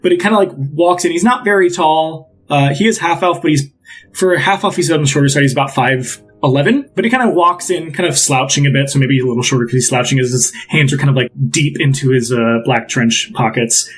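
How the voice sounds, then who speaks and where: A man's voice: on the high side, a little fast, slightly rough, faint music behind, rough recording. A man narrating as game master, describing scenes in a loose, rambling way with many fillers.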